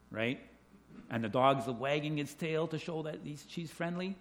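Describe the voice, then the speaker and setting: A middle-aged man telling children a story, animated, asking them questions and laughing along with them. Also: fairly high pitch, normal speed. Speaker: children's talk leader. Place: indoors with a group of children.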